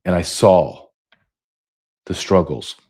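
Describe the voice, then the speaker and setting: Deep, dark-voiced man in his fifties. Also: animated, takes it slowly, slightly rough. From United States. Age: 50s. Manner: emphatic, repetitive. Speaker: podcast host. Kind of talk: monologue.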